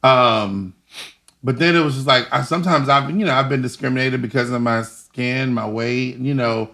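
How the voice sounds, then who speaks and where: A young man being interviewed, telling animated stories and acting out the voices of people in them. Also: mid-range voice, normal speed. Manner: animated, laughing, acts out voices in his stories. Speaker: guest. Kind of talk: casual storytelling interview.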